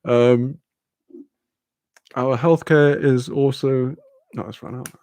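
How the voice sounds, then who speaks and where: Gravelly, rambling young streamer guy. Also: mid-range voice, fairly even intonation, slow, darkish tone. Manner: rambling, swearing, laughing often. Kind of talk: casual livestream chat.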